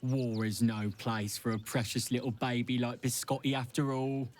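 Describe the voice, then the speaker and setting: A man's voice: medium pitch, little pitch movement, moderate pace, darkish tone, natural voice. A fussy, doting dog owner, played by a male actor in a video game. He speaks with prim, precise diction and an overprotective primness.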